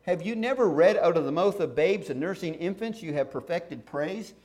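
This sermon comes from a middle-aged man with a high voice and a moderate pace. After reading scripture out loud, he discusses it in a lively, chatty manner.

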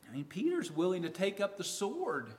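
A man preaching a sermon, acting out a disciple's words and swinging from loud to near silence. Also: high voice, wildly swooping pitch, normal speed. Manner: acts out a disciple's words in quoted asides; rises in loudness and falls to near silence.

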